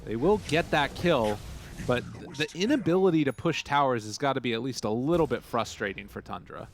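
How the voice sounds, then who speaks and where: North American man, mid-pitched voice, easygoing color commentary, faint noise under it. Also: expressive, a little fast. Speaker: esports caster. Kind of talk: live esports commentary.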